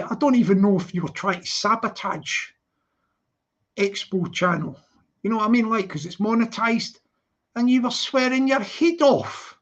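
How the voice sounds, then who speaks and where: A live commentator, rambling and repeating themselves, full of "you know what I mean". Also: mid-range voice. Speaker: livestream commentator. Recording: lo-fi livestream audio.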